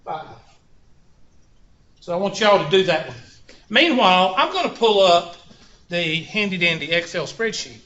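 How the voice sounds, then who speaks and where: A man's voice: high-pitched, expressive, unhurried, pauses often, pushed and bright. A man teaching a math class, drifting into joking stories and asides. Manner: folksy, joking asides and anecdotes. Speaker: math instructor. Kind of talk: classroom lecture. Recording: roomy, dull classroom recording.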